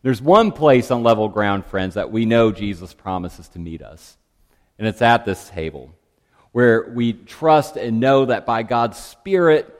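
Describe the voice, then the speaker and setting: A male pastor delivering a sermon, gentle and reflective, his voice dropping softly at the end of each phrase. His mid-range voice rings out with a long reverb across the church sanctuary. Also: medium pitch, expressive, measured pace.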